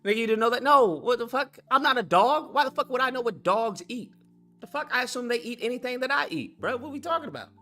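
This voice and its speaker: Young man, casual chat, profane, excitable, animated pitch, faint background music. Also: fast talker. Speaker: streamer host.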